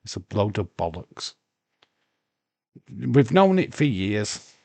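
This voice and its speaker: A man with a Yorkshire accent chats slowly and loosely on a live stream, reading out viewers' messages and stumbling into restarts. He swears freely. The mic sound is close and dry, with no room around it. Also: fairly low pitch, big pitch swings, vocal fry, a little mellow, slightly rough, dry recording. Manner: swears freely, reads chat aloud, rambling with restarts. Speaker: livestream host. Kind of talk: casual live watch-along chat.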